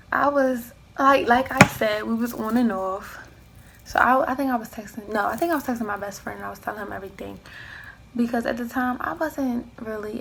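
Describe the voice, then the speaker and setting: A young woman vlogger telling a personal storytime, animated, acting out what people said and dropping into hushed asides. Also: a little high, gravelly, slight background noise, poor audio. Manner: animated storyteller who acts out quoted dialogue, slips into hushed asides. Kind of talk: storytime chat.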